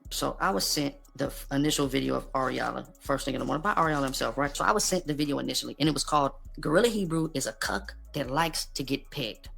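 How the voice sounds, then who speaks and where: A man's voice: fairly high pitch, creaky, sharp tone. A man giving an emphatic, repetitive unscripted monologue in his own defense, asking rhetorical questions and reading scripture. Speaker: preacher defending himself.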